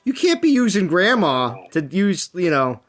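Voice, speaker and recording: A man hosts a relaxed game stream with a slightly high voice. He teases his friends and laughs often. He talks through his game progress as he plays. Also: moderate pace, over a noisy crowd. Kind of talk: casual gaming stream chat.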